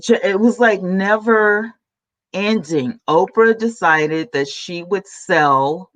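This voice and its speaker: A woman hosting a podcast, chatting casually with her viewers in a soft, low-key voice while she snacks at her home desk. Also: takes it slowly. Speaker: podcast host. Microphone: new desk mic.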